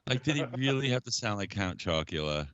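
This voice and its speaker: A man co-hosting a casual toy podcast, eager and quick to laugh. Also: lowish voice, animated, fairly bright tone, smooth, dry recording, muffled recording. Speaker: podcast co-host. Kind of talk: casual chat about toys.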